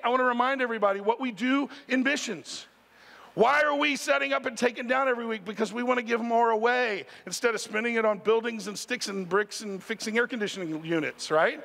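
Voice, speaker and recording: Male pastor, conversational sermon, high-pitched, church reverb. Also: creaky. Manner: animated, conversational, talks straight to the congregation. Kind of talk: sermon storytelling. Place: church sanctuary.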